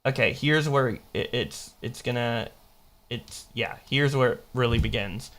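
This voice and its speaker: A man's voice: medium pitch, unhurried, a bit bright. A man giving casual live-stream commentary, rambling through chat logs and mocking the quotes as he reads them aloud. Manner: rambling, restarts while checking dates.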